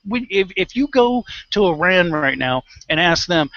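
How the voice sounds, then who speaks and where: A man's voice: high voice, normal speed, hardly any pauses, a bit bright, dry recording, dull audio. A man co-hosting a talk show, ranting bluntly about politics with heavy swearing and acted-out dialogues. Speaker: podcast co-host. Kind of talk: profane political rant.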